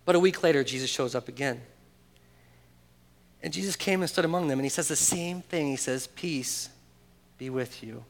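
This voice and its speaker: High-voiced preacher swinging loud to hushed. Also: male voice, brisk, vocal fry, long pauses. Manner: dynamic, swinging between loud emphatic calls and hushed intimate asides; asks the congregation rhetorical questions. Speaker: pastor. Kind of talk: sermon. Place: church.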